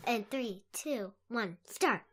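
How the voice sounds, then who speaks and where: A man voicing a giddy, childlike sidekick in a high baby voice, full of eager questions. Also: animated, slow pace, pushed and bright, exaggerated voice. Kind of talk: comedy podcast bit.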